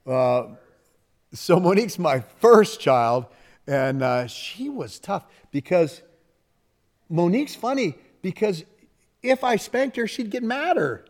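A middle-aged man, a pastor, delivers a sermon in a relaxed, chatty style and often jokes with the people in front of him. His voice sits a little higher than most men's. He tells family stories as if talking with friends. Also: takes it slowly. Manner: folksy, conversational preaching with laughter and asides to the congregation.

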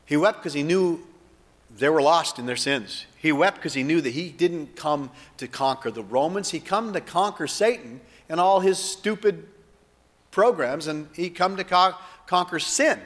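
A man's voice: a little high, a little slow, a bit bright, in a large hall. A male preacher delivering a sermon in a dramatic, emphatic way, often putting questions to his listeners.

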